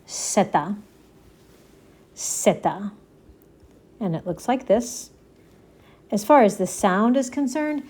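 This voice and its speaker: Slow, patient woman teaching a lesson. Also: mid-range voice, a little mellow. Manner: patient, encouraging, checks in often. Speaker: Spanish teacher. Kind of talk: slow repeat-after-me language lesson.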